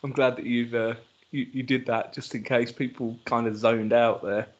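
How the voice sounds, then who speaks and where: A man's voice: medium pitch, flat delivery, moderate pace, lo-fi sound. A man co-hosting a podcast in casual chat, joking and slipping into silly voices. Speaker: podcast co-host.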